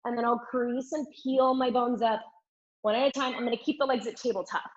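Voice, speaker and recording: A woman's voice: fairly high pitch, fairly even intonation, fairly quick, lo-fi sound. A woman teaching a live Pilates mat class, giving upbeat, encouraging cues and counting reps while a little out of breath from demonstrating. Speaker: Pilates instructor. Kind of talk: live online fitness class cueing.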